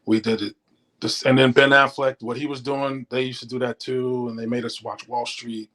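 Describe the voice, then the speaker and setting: A middle-aged former stockbroker, appearing as an interview guest, tells casual stories and animatedly acts out what people said. His voice is mid-range and he speaks at a normal speed. The recording quality is low.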